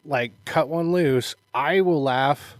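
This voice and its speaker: A man with a fairly high voice tells a funny story on a casual podcast. He acts out the quotes and laughs as he goes. His voice sounds dry and close to the mic. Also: takes it slowly, no echo. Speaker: podcast co-host, martial arts instructor. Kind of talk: casual chat.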